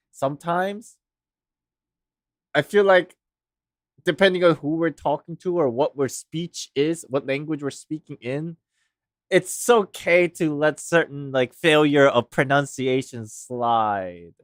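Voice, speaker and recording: A man's voice: on the high side, takes it slowly, pauses often, dry recording, studio quality. A man, a game streamer rambling animatedly in casual chat, laughing often. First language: Korean.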